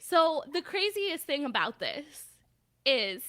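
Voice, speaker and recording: A woman's voice: high voice, slow pace. A woman co-hosting a podcast, chatting casually and telling stories with animation. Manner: animated storyteller, reads headlines aloud. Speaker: podcast co-host. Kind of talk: casual chat.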